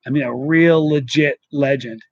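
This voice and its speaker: A man hosting a live stream, telling a story in a lively, laughing, casual way. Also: mid-range voice, no echo, lo-fi sound. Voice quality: animated, quick to laugh. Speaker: host.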